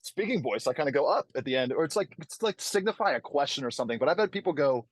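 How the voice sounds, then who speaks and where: A man's voice: on the high side, rapid-fire, hardly any pauses, slightly rough, no room sound. A man, a touring musician from the United States, chatting casually as an interview guest, laughing often and telling stories with energy. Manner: laughs often, animated storyteller.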